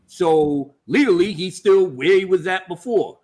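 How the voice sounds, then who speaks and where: A man, hosting a casual TV review and excitedly acting out scenes in exaggerated voices while swearing freely. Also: high voice, unhurried. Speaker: podcast host reviewing a TV episode. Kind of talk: animated casual recap.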